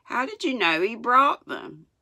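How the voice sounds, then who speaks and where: A woman's voice: on the high side, big pitch swings, measured pace, sharp tone, no echo, pitched above the performer's own voice, exaggerated voice. A woman voicing a determined little girl who speaks earnestly and insistently.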